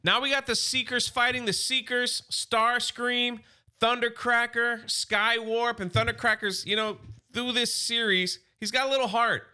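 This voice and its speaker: A man casually recapping a comic book story for his channel, excitable and loose, with quick asides. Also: extremely high pitch, clean tone.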